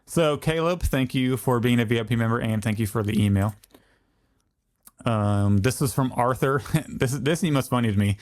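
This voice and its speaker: A man's voice: medium pitch, normal speed, darkish tone. A man hosting a podcast in casual, easygoing chat, talking loosely with many fillers. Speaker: podcast host.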